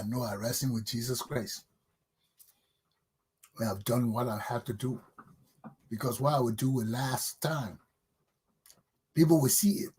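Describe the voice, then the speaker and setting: Husky-voiced Liberian man scolding. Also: medium pitch, a little mellow. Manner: blunt, scolding, insulting. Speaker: talk show host. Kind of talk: impassioned political commentary.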